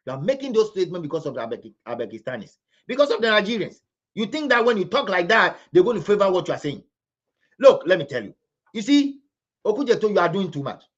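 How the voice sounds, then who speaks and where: High-voiced Ghanaian man scolding on a livestream. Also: lo-fi sound. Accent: Ghanaian English. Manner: forceful, scolding, repeats phrases for emphasis. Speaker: livestream commentator. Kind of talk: impassioned live commentary.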